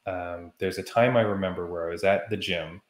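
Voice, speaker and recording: A man co-hosting a podcast, telling a story in a heated, animated way during casual chat. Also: low voice, fairly quick, reverberant. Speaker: podcast co-host.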